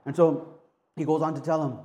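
A man preaching a conversational sermon, talking in a casual, halting way with many restarts and tag questions. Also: a little high, flat delivery, a little mellow. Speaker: pastor.

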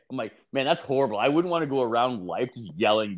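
A man's voice: mid-range voice, lively intonation, quick pace. A man co-hosting a podcast, telling crude stories in casual chat, swearing and acting out the people he quotes. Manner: profane, laughing, acts out quoted people. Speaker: podcast co-host.

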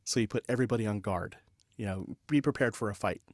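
Animated storytelling man, dry sound. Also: lowish voice, quick pace, no echo. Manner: animated anecdote telling with laughs and filler words. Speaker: podcast guest, leadership consultant. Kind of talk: conversational storytelling.

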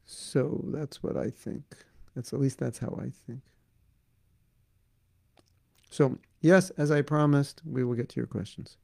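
A man teaching and answering listeners' questions in a devotional talk, speaking in a conversational, gently coaxing way. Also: mid-range voice, measured pace, creaky, long pauses, dry recording, studio quality. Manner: conversational, gently coaxing, frequent "you know".

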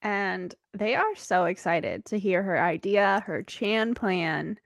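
A woman co-hosting a podcast, recapping an episode in expressive casual chat and laughing often. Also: mid-range voice, slow, gravelly, no room sound, studio quality. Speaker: podcast co-host.

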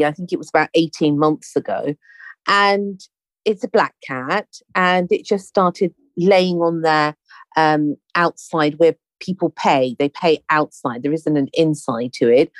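A woman's voice: medium pitch, no echo. A woman telling a story in casual chat, acting out the dialogue as she goes. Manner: animated storyteller, acts out quoted dialogue.

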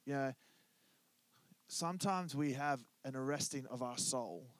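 A man's voice: mid-range voice, unhurried, no room sound. A man preaching a conversational sermon in church, joking and asking the congregation to answer back. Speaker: pastor.

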